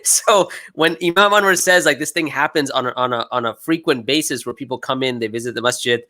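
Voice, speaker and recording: A man's voice: mid-range voice, brisk, pushed and bright. A man who preaches, speaking earnestly and casually in a panel discussion. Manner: earnest, emphatic storytelling.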